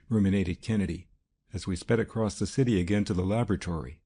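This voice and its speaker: Gravelly low-voiced male narrator. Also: brisk, dark tone. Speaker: audiobook narrator. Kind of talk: scripted narration.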